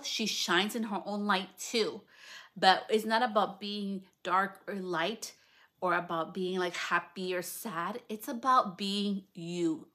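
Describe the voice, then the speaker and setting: A woman in her thirties hosting a solo podcast, talking candidly, swearing freely, her voice jumping higher when she gets excited. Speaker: podcast host. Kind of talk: casual solo podcast monologue. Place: lounge at home.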